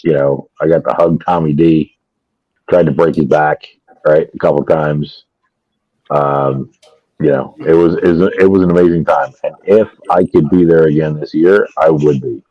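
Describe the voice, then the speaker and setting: Very low, husky male voice; muffled headset mic, dry; relaxed group-chat delivery. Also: moderate pace, no room sound. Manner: laid-back, swears freely. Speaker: podcast participant.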